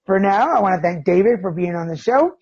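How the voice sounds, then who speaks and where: A man hosting a podcast interview in a relaxed, laid-back way, with many fillers and easy laughs. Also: high voice, fairly quick, breathy edge. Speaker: podcast host. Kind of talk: casual interview. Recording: dull lo-fi sound.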